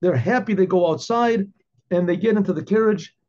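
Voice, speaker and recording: A man who is a rabbi, telling a story in an animated way and often repeating words. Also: high voice, moderate pace. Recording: dull lo-fi recording.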